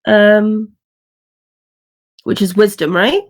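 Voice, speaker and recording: A woman's voice: medium pitch, very slow. A woman playing a tabletop game, giggly and a little unsure about the rules. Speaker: player. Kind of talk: casual tabletop game play.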